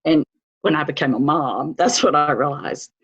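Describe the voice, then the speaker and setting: A middle-aged mother, a guest on her daughter's podcast, speaking gently and earnestly about faith. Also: low-pitched, normal speed, breathy edge, muffled recording. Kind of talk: casual interview.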